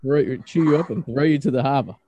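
A man's voice: mid-range voice, fast, slightly rough, highs cut off. A man with a Boston accent hosting a podcast, chatting casually and bluntly, swearing freely. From Boston, USA. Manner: blunt, swears freely, gives long animated stories. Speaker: podcast host. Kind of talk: casual chat.

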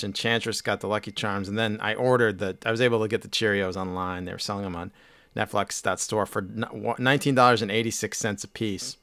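A man tells a long, meandering story on a podcast, full of fillers and restarts. His voice sits low and sounds smooth and resonant. The recording is dry and close. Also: fairly bright tone, no room sound. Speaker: podcast co-host. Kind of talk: casual chat.

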